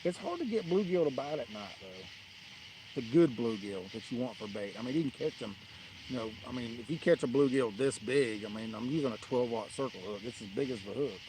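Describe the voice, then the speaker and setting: A man's voice: medium pitch, animated, a little fast. Laid-back man chatting outdoors at night. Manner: easygoing, laughs often, tells funny stories. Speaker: fishing livestream host. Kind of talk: casual live-stream chat. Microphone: camera on a tripod. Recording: outdoor night noise clearly audible.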